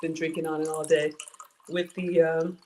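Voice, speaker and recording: Excitable woman, middle-aged, casual livestream cooking host, reads viewer comments aloud. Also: deep voice, moderate pace, slight background noise.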